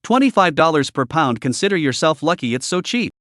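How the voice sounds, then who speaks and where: A greedy middle-aged street vendor, pushy and indignant as he haggles, read out by a man. The voice sits fairly high and swings lively up and down, recorded close and dry. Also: a little fast, dry recording.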